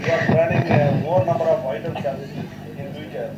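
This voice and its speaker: A reporter asking halting questions at a press conference, recorded far from the mic. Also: mid-range voice, fairly even intonation, crowd noise. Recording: muffled, distant from the mic.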